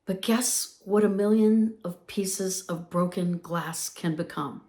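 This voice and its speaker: A woman's voice: medium pitch, takes it slowly, dark tone. A woman in her fifties hosting a motivational podcast, talking in an upbeat, emphatic way and repeating phrases for effect. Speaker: podcast host.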